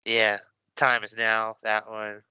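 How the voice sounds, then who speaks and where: A man's voice: fairly low pitch, monotone, takes it slowly, sharp tone, smooth, dry recording, dull audio. A man co-hosting a casual podcast, rambling hesitantly and trailing off as he talks. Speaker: podcast co-host. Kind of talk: casual chat.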